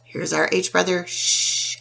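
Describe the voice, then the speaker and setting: A woman teaching a phonics lesson to young children, sounding out words slowly and clearly. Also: lowish voice, lively intonation, bright, forceful tone.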